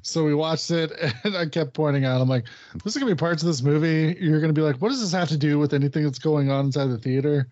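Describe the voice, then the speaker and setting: Speaking quickly in a slightly high, somewhat mellow voice, this man co-hosts a podcast and tells a casual story full of swearing, performing his friend's lines as he goes. There's no echo, and the recording sounds dull and lo-fi.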